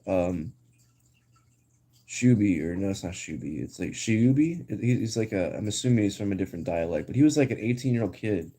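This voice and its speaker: A young man talks casually to his live-stream viewers in a rambling, slang-heavy way. His voice sits low with a dark, mellow tone. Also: expressive, fairly quick. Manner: rambling, slangy, full of "like" and "dude".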